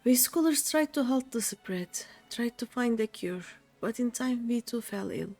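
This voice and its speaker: An ancient male scholar, cursed into a monster long ago, speaks in a slow, solemn way, as a woman reads his game lines aloud. The voice sits fairly high and rises and falls a lot. Soft music plays behind. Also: lively intonation. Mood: mournful. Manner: slow, solemn reading of quest dialogue. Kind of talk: reading game dialogue aloud.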